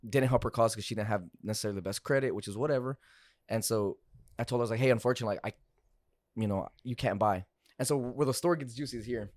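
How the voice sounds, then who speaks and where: Young guy rattling off a story quick, lots of "like" and cussing, mid pitch. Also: a little mellow, dry recording, studio quality. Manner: loose, profane, lots of fillers like "like" and "bro". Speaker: podcast guest, car salesman. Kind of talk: casual storytelling chat.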